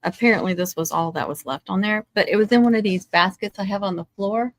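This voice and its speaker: A woman's voice: mid-range voice, fast talker. Chatty woman crafting live. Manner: chatty, dry sarcastic asides. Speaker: craft live-stream host. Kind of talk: casual chat while crafting. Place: home craft table.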